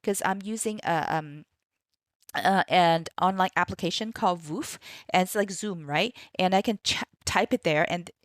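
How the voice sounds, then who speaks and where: A woman's voice: fairly low pitch, moderate pace, dry recording, clean studio sound. A woman ESL teacher walking through a kids' lesson plan in a chatty way, with many fillers and "right?" tags.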